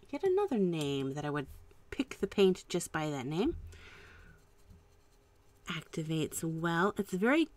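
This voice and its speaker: Slow, gravelly-voiced woman chatting. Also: fairly low pitch. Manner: chatty, musing aloud while painting, soft trailing asides. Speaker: art channel host. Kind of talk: casual live-stream paint swatching. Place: at home.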